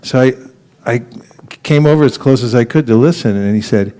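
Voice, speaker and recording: A man giving a relaxed sermon at a temple, telling stories with laughs and acting out quotes, sometimes chanting a mantra slowly. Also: medium pitch. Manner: storytelling with laughs and acted quotes. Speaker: temple teacher.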